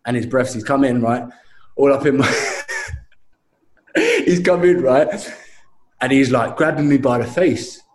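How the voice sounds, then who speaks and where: Young man, lively storyteller, casual chat, echoey room. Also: medium pitch, unhurried, pauses often, slight background noise. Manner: animated storytelling, says mate a lot. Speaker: guest telling a story.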